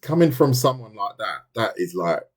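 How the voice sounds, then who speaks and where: A man from London with a deep, low-pitched voice and a London accent. He chats casually while sketching on a live stream, talking his process through out loud, and reacts to viewer comments with loose, restarting sentences. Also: sing-song, normal speed, husky. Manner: chatty, loose and thinking aloud, reads viewer comments, many restarts.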